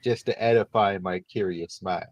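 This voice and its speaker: A man's voice: low-pitched, moderate pace, no echo, highs cut off. A man co-hosting a casual online stream, making dry joking asides. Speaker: stream co-host. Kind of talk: casual chat.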